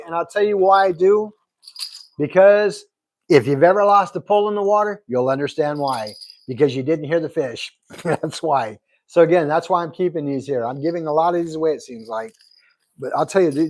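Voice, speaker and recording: A middle-aged man runs a relaxed live broadcast, reading out viewer comments and thanking each person by name. His voice sits a little high for a man, and his talk is casual and warm. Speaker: livestream host. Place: Arizona.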